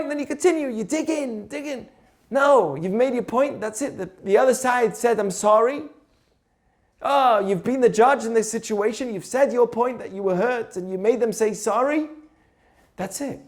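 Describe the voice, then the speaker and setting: High-voiced man teaching ethics. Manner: conversational, asks rhetorical questions, tells stories. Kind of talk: informal teaching talk.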